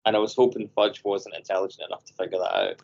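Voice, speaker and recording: A man co-hosting a podcast over a video call, telling animated stories and acting out voices. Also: lowish voice, fast, vocal fry, muffled recording. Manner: animated storyteller, acts out voices. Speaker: podcast co-host. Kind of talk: casual chat.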